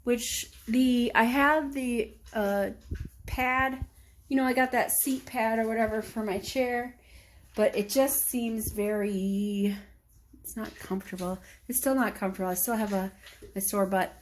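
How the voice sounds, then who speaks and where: A woman's voice: fairly high pitch, fairly even intonation, measured pace, slight background noise. A woman vlogging at home, chatting casually and rambling aloud to herself as she goes about her day. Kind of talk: casual chat. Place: at home indoors.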